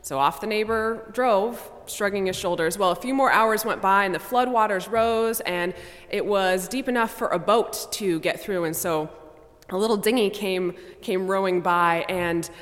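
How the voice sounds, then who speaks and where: Woman, pastor, sermon, measured delivery, medium pitch, long church reverb. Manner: measured, softening to a hush on sombre lines. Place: church sanctuary.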